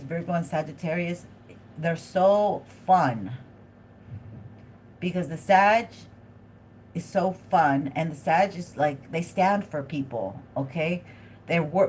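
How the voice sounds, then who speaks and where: Chatty excitable woman reading tarot live. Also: on the low side, slight background noise. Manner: chatty, excitable, thinking aloud; addresses viewers directly. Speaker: tarot reader hosting a live stream.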